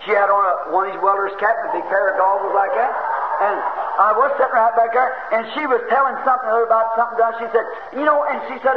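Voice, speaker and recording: A fervent, high-voiced preacher, swinging between ringing shouts and low, folksy asides. He is captured on a dull, hissy old tape in a roomy church. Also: steady tone, fast. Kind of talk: sermon.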